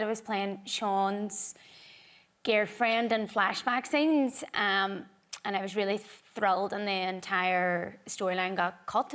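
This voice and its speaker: A woman's voice: mid-range voice, a bit bright. A woman guest on a talk show, telling a modest anecdote with light laughs and ums.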